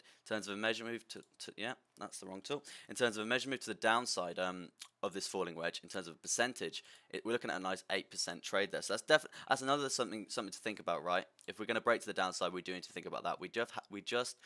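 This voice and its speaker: A young man runs through trading charts on a live stream at a quick clip. His voice sits low but comes across bright and forward. He stumbles and repeats words, tagging his points with "right?". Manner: halting, repeats words, keeps adding "right?". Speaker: crypto streamer.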